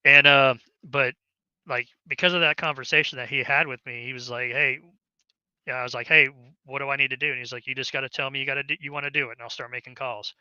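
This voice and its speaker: Man, army veteran, rambling story, very bright tone, smooth clear voice. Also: mid-range voice, steady tone, fast talker, no echo, muffled recording. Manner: rambling, many fillers and restarts. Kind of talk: casual storytelling interview.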